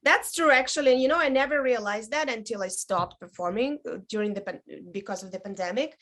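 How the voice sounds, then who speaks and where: A woman in her thirties, a burlesque dancer chatting as a guest, telling stories with many ums and likes and lively quoted voices. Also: fairly high pitch, fast talker. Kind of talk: casual interview chat.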